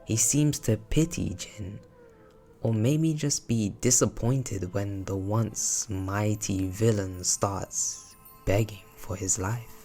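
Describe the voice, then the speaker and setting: A man's voice: lowish voice, slow pace, mellow. A young man giving casual, reflective analytical commentary on a video game series. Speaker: video essayist. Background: background music.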